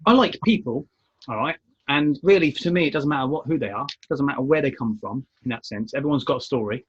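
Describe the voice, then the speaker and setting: A man's voice: mid-range voice, fast talker, slight background noise. A British man co-hosting a casual chat show, rambling with many fillers and restarts. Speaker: co-host. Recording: dull lo-fi sound.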